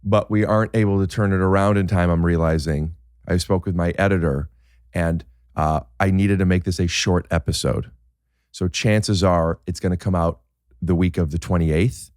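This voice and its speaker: A man's voice: low-pitched, steady tone, moderate pace, darkish tone, no echo, clean studio sound. A man hosting a podcast, chatting casually, rambling and joking with lots of fillers and restarts. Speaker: podcast host. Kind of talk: casual chat.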